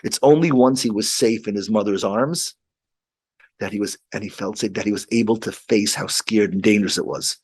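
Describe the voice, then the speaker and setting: A rabbi telling a story in casual chat, halting with frequent restarts. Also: male voice, on the low side, a little mellow, slightly rough.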